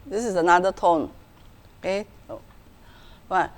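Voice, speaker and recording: A middle-aged woman with a Singaporean English accent gives a virtual parenting talk as a school principal, speaking over a video call at a middle pitch. She keeps checking in with her listeners, saying "okay" and "right" again and again. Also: measured pace, pauses often. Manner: frequent "okay" and "right" check-ins, acts out parent voices.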